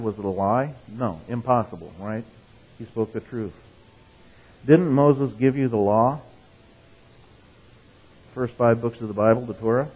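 A man's voice: medium pitch, husky. A man preaching over a phone-thin line. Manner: conversational, checks in with "right?" and "okay?"; reads scripture with rising emphasis, tells jokes. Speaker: pastor. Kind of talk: sermon. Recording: phone-like narrow sound.

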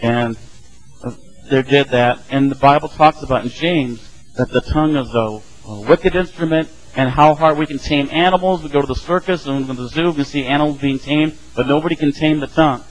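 A man's voice: fairly high pitch, fairly even intonation, brisk, low-quality recording. A middle-aged man teaching a casual Bible study, talking conversationally and acting out the voices of the people in his stories. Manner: conversational, acts out quoted voices.

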